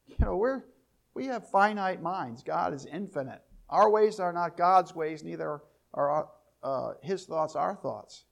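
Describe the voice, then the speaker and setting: A man's voice: on the high side, lively intonation, measured pace, creaky. A man teaching a Bible lesson, reading verses aloud and explaining them, often repeating his key questions with rising emphasis. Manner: reads scripture aloud, then explains it.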